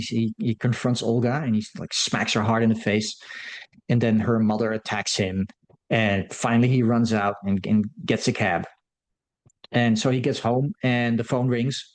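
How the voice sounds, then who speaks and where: A man giving a loose, rambling recap of a film's plot, full of fillers and restarts. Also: mid-range voice. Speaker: film commentator. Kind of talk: casual film recap.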